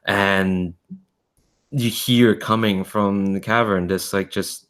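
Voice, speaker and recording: A man's voice: low-pitched, little pitch movement, takes it slowly, fairly bright tone, clean tone. A man narrating as game master of a horror tabletop game, thinking aloud and revising as he goes.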